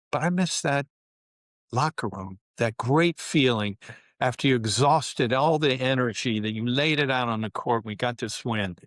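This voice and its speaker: A man in his seventies, a former pro basketball player, telling stories as an interview guest in an animated way, often saying "you know" and "man". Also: mid-range voice, dry recording, clean studio sound. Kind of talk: interview storytelling.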